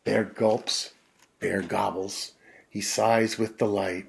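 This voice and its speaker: A man reading a children's picture book aloud in a gentle, drawn-out, expressive way, then chatting to the kids. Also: on the low side, vocal fry, husky. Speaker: storyteller for children.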